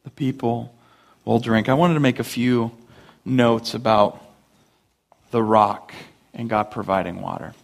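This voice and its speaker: Conversational pastor preaching a sermon. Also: male voice, mid-range voice, measured pace, vocal fry, long pauses. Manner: conversational, animated storytelling with acted-out voices.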